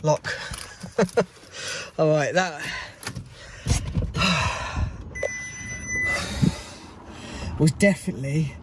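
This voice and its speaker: Frightened man whispering in the dark. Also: fairly high pitch, wildly swooping pitch, extremely slow, long pauses. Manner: frightened, swearing, hushed then exclaiming. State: shaking with fear. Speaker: urban explorer. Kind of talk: whispered solo vlog. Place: abandoned hospital at night, indoors. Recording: noisy handheld camera audio.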